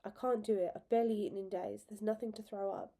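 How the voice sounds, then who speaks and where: A young woman clings to her lover, her voice soft and shaken with feeling, as a woman reads her part aloud. The tone is mellow and darkish, at a middle pitch. It is a storybook read aloud. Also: steady tone, quick pace, close to an everyday voice. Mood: frightened. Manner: soft, emotional. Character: young woman, loving, frightened, fading.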